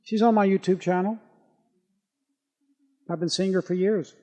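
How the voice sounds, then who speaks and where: A man with a notably high-pitched voice, a doctor speaking live to an audience. He talks in a lively, anecdotal way, building his patient stories with energy and asking the room questions. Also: moderate pace, long reverb tail. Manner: animated anecdotal storytelling. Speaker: doctor giving a talk.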